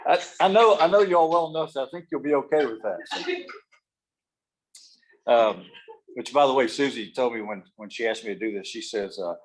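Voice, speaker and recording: A man's voice: mid-range voice, expressive, moderate pace, pauses often. Folksy man giving a keynote. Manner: folksy, self-deprecating, joking. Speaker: keynote speaker. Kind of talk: humorous motivational speech.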